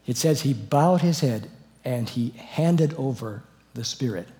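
An older man giving an expository Bible lecture, scholarly and digressive, moving from hushed reading to loud emphatic exclamations. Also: mid-range voice, expressive, a little slow. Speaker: Bible teacher.

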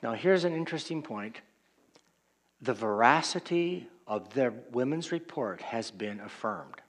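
A male pastor delivers a sermon at a slow, unhurried pace. His tone is conversational and reflective, with a mid-range voice. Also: medium pitch, lively intonation. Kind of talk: expository sermon.

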